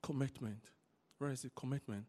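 A man preaching a sermon, repeating key words for emphasis and telling stories in an animated way. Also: mid-range voice, fairly quick. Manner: animated storytelling.

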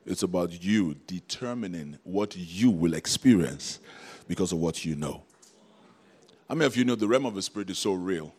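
A man's voice: on the low side, darkish tone. A man preaching a sermon, calling out to the congregation with rhetorical questions and frequent laughs. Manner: laughs often between points.

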